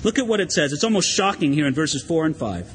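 High-pitched preacher in an echoing hall. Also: male voice, fast talker, slight background noise. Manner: animated, conversational preaching with acted asides. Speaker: pastor. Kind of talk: sermon. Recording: long hall reverb.

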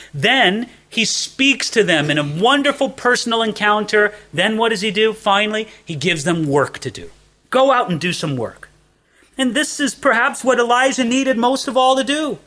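A male preacher giving a sermon, turning from hushed to emphatic in an earnest way. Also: high-pitched.

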